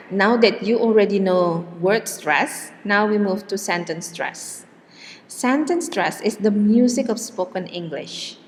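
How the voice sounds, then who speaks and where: A woman teaching English pronunciation in a slow lecture, with many "okay" and "yeah" check-ins. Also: medium pitch. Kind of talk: classroom lecture. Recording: long hall reverb.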